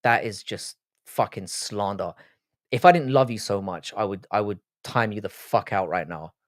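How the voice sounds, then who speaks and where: A man's voice: fairly low pitch, normal speed, no room sound. Sweary English-accented man, dry sound. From Ireland, raised in Britain. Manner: blunt, sweary, opinionated. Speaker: livestream host. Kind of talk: casual livestream chat reading comments.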